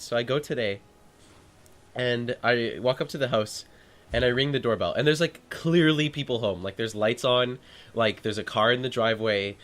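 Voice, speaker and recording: A man's voice: mid-range voice, moderate pace, fairly bright tone. A young man hosting a podcast, telling a story animatedly and often laughing. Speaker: podcast host. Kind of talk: casual storytelling chat. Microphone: call audio.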